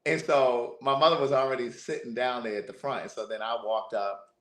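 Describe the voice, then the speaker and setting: Guy on a livestream telling a story, animated, keeps repeating words, echoey room, mid pitch. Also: a little fast. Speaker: livestream host. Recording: roomy echo.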